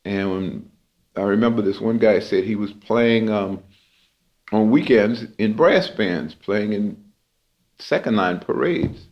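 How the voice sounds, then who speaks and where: Low-voiced New man telling stories. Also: takes it slowly. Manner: relaxed, reflective anecdotal telling with fillers. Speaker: jazz clarinetist and historian, interview guest. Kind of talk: storytelling in an interview. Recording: muffled lo-fi podcast audio.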